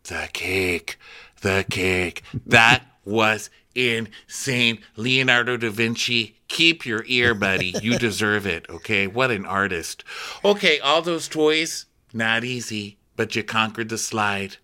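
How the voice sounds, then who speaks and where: A man co-hosting a comedic recap chat, animated and swearing, acting out quotes in playful voices. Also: on the low side, takes it slowly. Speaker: podcast co-host recapping a reality show.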